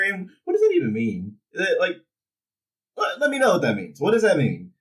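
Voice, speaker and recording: Speaking fairly quickly in a high voice, this man gives a laid-back rundown of a wrestling show, playfully doing the wrestlers' lines. The sound is poor and he's far from the microphone.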